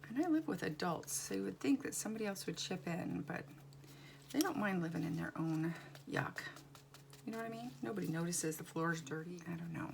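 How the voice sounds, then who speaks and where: A woman's voice: fairly low pitch, expressive, brisk, creaky, noisy background. A woman doll artist chatting casually and wryly as she works in her home studio, rambling from one thought to the next. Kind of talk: casual chat while working.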